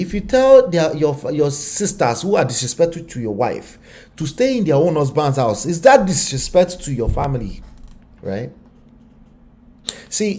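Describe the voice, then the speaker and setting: A man's voice: mid-range voice, darkish tone. A man with a Nigerian accent giving casual relationship commentary, firing off rhetorical questions.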